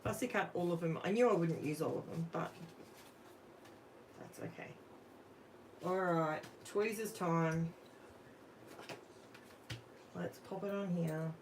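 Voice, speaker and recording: A woman's voice: on the low side, takes it slowly, pauses often, a little mellow, slight background noise, rough recording. An Australian woman hosting a live crafting stream, chatting casually with her viewers while she works. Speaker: crafting livestream host.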